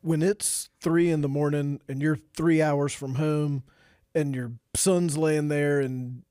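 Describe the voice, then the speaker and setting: A man hosting an interview, asking a measured, empathetic question. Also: a little high, fairly even intonation, mellow, smooth, no room sound, clean studio sound. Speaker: host.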